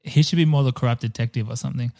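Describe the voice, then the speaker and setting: A man's voice: mid-range voice, fairly even intonation, racing, vocal fry, darkish tone. A man co-hosting a casual movie podcast, chatting in a jokey way, swearing and wandering off on tangents. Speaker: podcast co-host. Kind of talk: casual film podcast chat.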